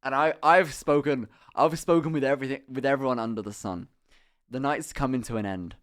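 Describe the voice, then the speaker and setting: A young man talks to his stream chat in a loose, animated way. He laughs often, swears freely and rambles through stories while his pitch sits in an ordinary middle range. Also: fairly quick. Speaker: live streamer. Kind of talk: casual chat with stream viewers.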